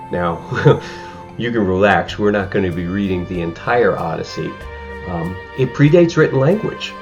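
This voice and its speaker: A man teaching a high school English lesson in a recorded remote class, explaining in a conversational way with frequent fillers. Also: creaky, highs cut off.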